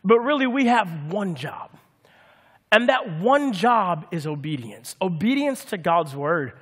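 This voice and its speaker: A man preaching a lively sermon with humor, calling out to the congregation for answers. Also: high voice, measured pace, husky, long reverb tail. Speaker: pastor.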